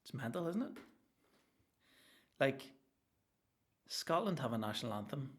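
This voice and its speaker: A young adult man from Northern Ireland, speaking with a Northern Irish accent in a mid-range voice, hosts a solo comedy podcast. He delivers an animated, sweary rant that hops from one topic to the next.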